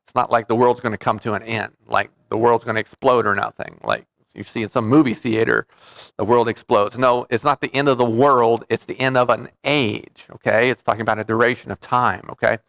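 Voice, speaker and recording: A man's voice: medium pitch, fairly even intonation, brisk, creaky, fairly bright tone, no room sound, studio quality. A man preaching a sermon as pastor, in a conversational way that often stops to check in with his listeners. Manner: conversational preaching with frequent "okay?" check-ins.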